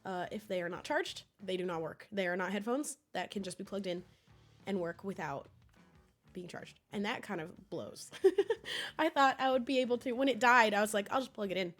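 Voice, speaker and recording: A young woman streaming from home, chatting casually with viewers in a rambling, laughing way. She is hoarse, sniffly and coughing from a cold. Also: mid-range voice, normal speed, fairly bright tone, soft background music.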